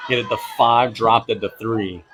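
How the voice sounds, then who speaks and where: A man calling play-by-play for a high school football game, brisk and easygoing, chuckling now and then. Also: steady tone, fairly bright tone, slight background noise, poor audio. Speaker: play-by-play announcer.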